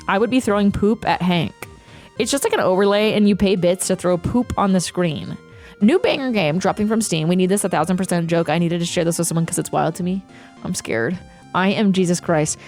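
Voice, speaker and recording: A young woman streamer chatting casually, ranting with profanity and reading chat aloud. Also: fairly low pitch. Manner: animated, profane, quick ranting with laughs. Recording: faint music behind.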